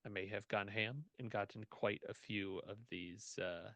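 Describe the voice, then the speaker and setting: A man running a tabletop game as game master, relaxed and joking, laughing often. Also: lowish voice, normal speed, no room sound.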